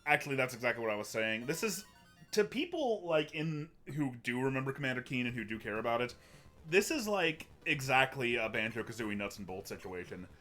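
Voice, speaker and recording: A man's voice: medium pitch, sing-song, brisk, pushed and bright, faint music behind. A man hosting a casual livestream, talking in a rambling way with many restarts and fillers. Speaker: host.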